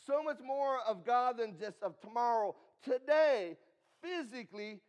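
A man's voice: very high-pitched, animated, moderate pace. A man preaching a sermon, reading scripture aloud and guiding listeners through their Bibles with emphatic, rising and falling delivery. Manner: reads scripture aloud and asks the congregation to follow in their Bibles.

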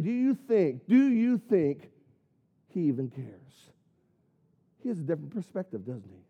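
A man's voice: very high-pitched, mellow. A man preaching a sermon, earnest, with many rhetorical questions and punched key words. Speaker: pastor.

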